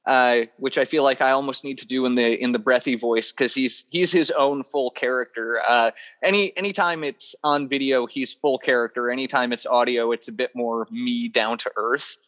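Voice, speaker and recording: Toy maker guy on a podcast, kinda theatrical, lively storyteller, normal pitch. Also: normal speed. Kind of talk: casual podcast interview.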